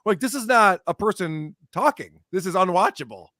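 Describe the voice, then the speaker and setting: Animated sarcastic man, dry mic. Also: high voice, moderate pace, no echo. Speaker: podcast guest. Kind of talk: casual podcast chat.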